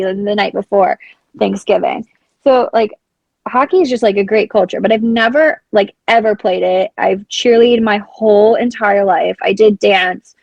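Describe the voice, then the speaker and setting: Young woman, podcast guest, rambling, filler-heavy, mid pitch, dry close sound. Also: vocal fry, no echo, poor audio. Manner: rambling, fills nearly every phrase with "like"; excitable, acts out her own past panic. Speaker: blind hockey program founder, guest. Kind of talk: casual storytelling in an interview.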